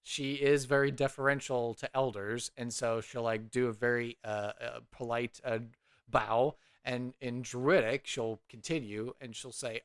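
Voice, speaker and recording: A man's voice: medium pitch, fairly even intonation, unhurried, smooth. A man casually narrating his character's actions in a tabletop game, rambling with many fillers. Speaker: player.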